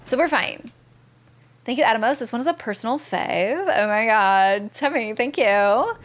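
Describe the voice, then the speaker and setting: A woman streaming a video game live, chatting excitedly and reading viewer messages aloud. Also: fairly high pitch, normal speed. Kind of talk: live gameplay commentary.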